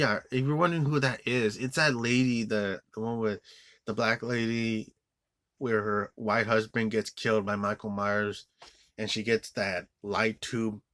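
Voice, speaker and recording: A man's voice: fairly low pitch, fairly bright tone, no echo. A man giving an angry, profane movie review rant, rambling with many restarts and fillers. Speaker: film reviewer.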